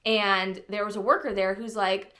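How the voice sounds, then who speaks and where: A woman's voice: mid-range voice, flat delivery, moderate pace, fairly bright tone. A young woman talking casually to camera as a travel vlogger, chatty and bubbly with lots of "like" fillers.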